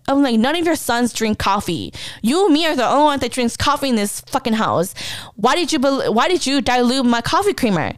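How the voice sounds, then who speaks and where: A young woman hosting a podcast, telling a personal story in a blunt, profane and animated way. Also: fairly high pitch, a little fast, no echo, clean studio sound. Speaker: podcast host. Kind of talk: casual storytelling monologue.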